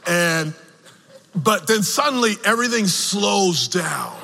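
A man preaching a sermon, telling a personal story slowly with emotional swings, from the pulpit of a church. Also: high voice, very animated, creaky, pushed and bright. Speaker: pastor. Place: church sanctuary. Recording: long reverb of a large hall.

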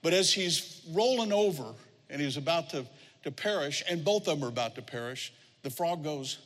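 Pastor preaching in a reverberant hall. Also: male voice, on the high side, animated, normal speed, a bit bright. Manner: storytelling, acts out quoted voices. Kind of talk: sermon.

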